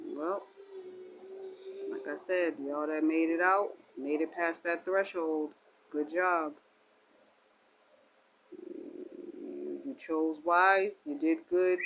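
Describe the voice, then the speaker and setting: A woman giving spiritual talk as a channeler, acting out voices and ending in a low, hushed blessing. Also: drawn-out words, pauses often, a little hiss or hum, poor audio. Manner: animated, acts out dialogue in shifting voices.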